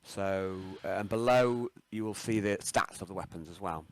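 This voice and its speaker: Brief: male game master, low voice, relaxed halting narration, dry close mic. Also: no room sound. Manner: relaxed, many ums and restarts.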